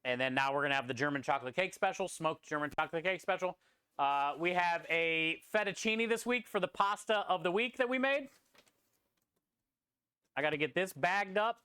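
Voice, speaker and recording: A male chef talks his way through prep on a live stream, rambling from one dish to the next and stopping to answer chat. His voice is bright, smooth and a little high, recorded dry and close with no room sound, though he drifts off mic now and then as he moves around the truck kitchen. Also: expressive, moderate pace, dry recording. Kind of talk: casual live-stream chat while cooking.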